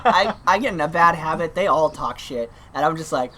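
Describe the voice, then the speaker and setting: A man's voice: a little high, brisk. A young man co-hosting a casual podcast, telling a work story with lots of acted-out quotes and laughter. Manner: animated storyteller, acts out quotes, laughs often. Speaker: podcast co-host.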